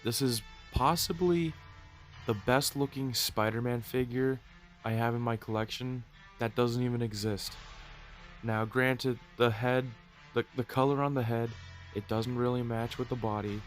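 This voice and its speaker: A man's voice: medium pitch, steady tone, measured pace, soft background music. A man with a plugged nose and a nasal voice, chatting casually through a toy review video. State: stuffy nose.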